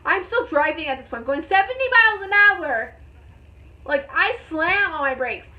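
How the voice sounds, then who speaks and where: A young woman with a high voice retells a story in a casual vlog, rambling and excited, with plenty of fillers. The sound is thin and tinny, as if heard over a phone line. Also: moderate pace. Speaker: vlogger.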